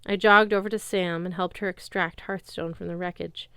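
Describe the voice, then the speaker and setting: A woman reading a fantasy novel aloud as an audiobook narrator, in a lively storytelling way. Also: fairly low pitch, moderate pace, clear, resonant tone, no room sound, clean studio sound. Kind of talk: scripted narration.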